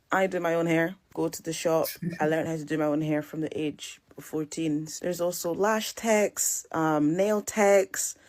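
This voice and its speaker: A woman with a Glaswegian accent chatting to camera and giving practical tips. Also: low-pitched. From Scotland. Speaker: content creator. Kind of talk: casual talk to camera.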